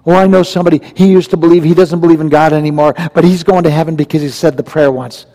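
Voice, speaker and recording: A man's voice: on the high side, steady tone, fast talker, warm tone. A male pastor preaching a verse-by-verse sermon in a conversational, emphatic way, often asking the congregation questions. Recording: long reverb from a large hall.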